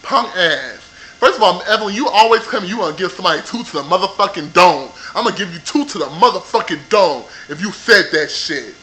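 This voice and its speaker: A man with a high, bright voice rants about television, sassy and heavy with profanity. He talks straight into a computer mic in a loose, animated monologue. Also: brisk, poor audio. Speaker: vlogger reviewing a reality show. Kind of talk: casual ranting review.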